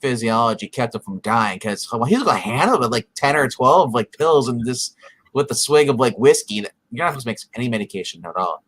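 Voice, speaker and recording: A man's voice: medium pitch, lively intonation, fairly quick, a bit bright, poor audio. A man co-hosting a casual podcast, rambling as he retells TV scenes with lots of quoted asides. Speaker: podcast co-host. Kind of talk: casual recap chat.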